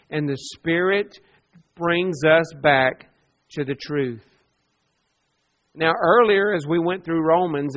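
A man preaching a sermon, moving between loud emphasis and quiet asides and acting out the people he quotes. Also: high-pitched, lo-fi sound.

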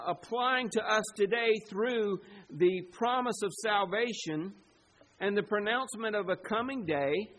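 A man preaching a sermon to his congregation, with sudden loud, emphatic bursts. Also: high voice, low-quality recording. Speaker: pastor.

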